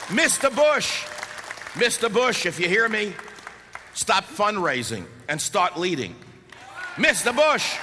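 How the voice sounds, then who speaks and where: Brief: sarcastic male talk host, very lively pitch, hollering to a crowd in a big reverberant hall. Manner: impassioned, sarcastic, shouting at times. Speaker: talk radio host speaking to a live audience. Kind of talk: fiery political speech. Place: large hall before a live audience. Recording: echoey hall with faint background noise.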